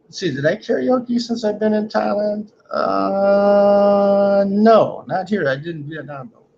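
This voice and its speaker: Brief: male livestream host, fairly high voice, joking and rambling, dull lo-fi audio with a faint hiss behind. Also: measured pace, gravelly, a little mellow. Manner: rambling, joking, often ends lines with "man". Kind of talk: casual livestream chat reading comments.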